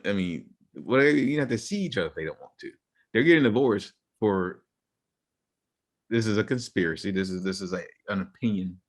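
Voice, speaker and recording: A man's voice: on the low side, expressive, brisk. A young man co-hosting a casual podcast, arguing his points and laying out theories, often repeating himself. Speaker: podcast co-host.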